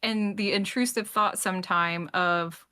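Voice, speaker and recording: A woman's voice: medium pitch, fairly even intonation, unhurried, sharp tone, clean tone. A woman cast member in a casual podcast chat, chatty and candid, laughing often.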